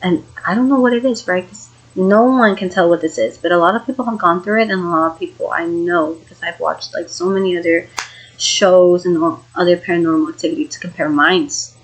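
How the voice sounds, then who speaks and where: A woman's voice: lowish voice, fairly quick, low-quality recording. A young woman telling a frightening true story in a casual, rambling vlog, full of fillers and the odd swear word, sounding shaken. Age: young adult. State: shaken, emotional. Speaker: vlogger.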